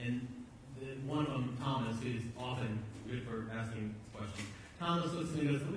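A man's voice: medium pitch, moderate pace, few pauses, a little hiss or hum. A man preaching a sermon as pastor, in a conversational, emphatic way, often repeating words as he goes. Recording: echoey hall, distant mic.

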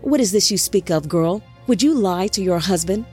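A woman's voice: mid-range voice, expressive, normal speed, a little mellow, breathy edge, soft background music. A woman voicing a cold, cruel supernatural captain. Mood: cold, commanding. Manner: curt commanding delivery.

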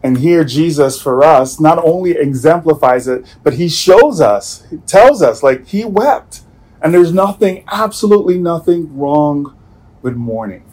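A man preaching a sermon as pastor, earnest and searching, often repeating himself and letting sentences fall away quietly. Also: on the high side, lively intonation, unhurried, rough recording. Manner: earnest, with many restarts and soft trailing endings.

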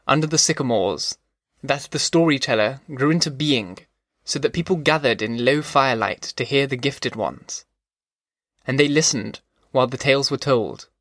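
A man narrating a literary novel as an audiobook, reading in a slow, measured, rhythmic way. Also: mid-range voice, a bit bright, no echo, studio quality.

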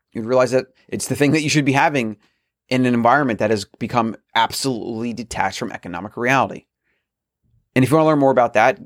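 A man's voice: mid-range voice, no echo, studio quality. A man hosting a solo podcast, talking earnestly in a rambling way with frequent restarts. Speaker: podcast host.

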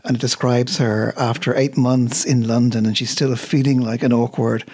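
A man, co-hosting a book show in a thoughtful, measured way with some hesitant restarts. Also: mid-range voice, level tone, darkish tone, husky. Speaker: co-host of a books show. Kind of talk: relaxed literary radio chat.

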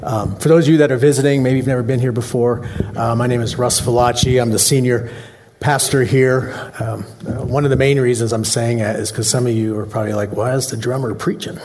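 A man's voice: medium pitch, steady tone, fairly quick, a little mellow. A male pastor giving a Christmas Eve sermon in a joking, conversational way, asking the congregation questions.

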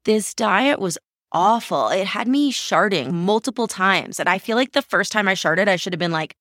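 A woman in her forties, a podcast host answering questions in a candid, self-mocking, animated way. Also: medium pitch, normal speed, dry recording, clean studio sound. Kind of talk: casual interview answers.

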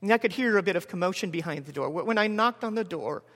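A man in his forties preaching a sermon as a story, measured with dramatic pauses and soft drops. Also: high-pitched, animated. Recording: long hall reverb.

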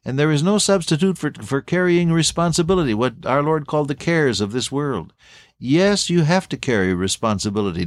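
A man preaching a sermon in an earnest way, slowing down to stress key phrases and swinging his voice up and down. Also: mid-range voice, no room sound, studio quality. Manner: earnest, rising and falling emphasis, slow stress on key phrases.

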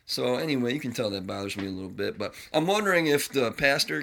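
Gravelly, bright-voiced man ranting profanely. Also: medium pitch, lively intonation, quick pace, hardly any pauses, a little hiss or hum. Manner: profane, blunt and rambling. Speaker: podcast host. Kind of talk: casual ranting monologue.

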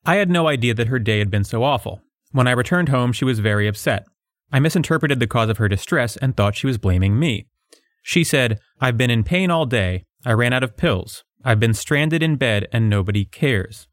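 A man's voice: medium pitch, expressive, fairly quick, dry recording, studio quality. A man co-hosting a podcast, reading a book passage aloud and then mocking it with sarcastic jokes and frequent laughter. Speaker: podcast co-host.

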